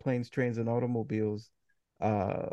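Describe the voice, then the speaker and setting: A man's voice: mid-range voice, little pitch movement, a little slow, dark tone, dry recording, dull audio. A man hosting a casual podcast, upbeat and laughing easily as he welcomes his co-hosts. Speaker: podcast host.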